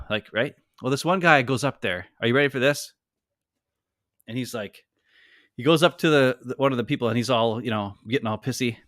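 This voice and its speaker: A man in his forties, a podcast co-host telling a story in a casual, rambling, animated way. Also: mid-range voice, dry recording, clean studio sound. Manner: rambling, animated, heavy use of "like".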